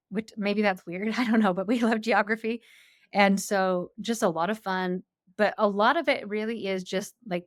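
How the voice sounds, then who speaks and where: A woman in her forties, a homeschool coach as a guest, talking in a chatty, animated way with lots of fillers. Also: medium pitch, no room sound, clean studio sound. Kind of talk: casual interview chat.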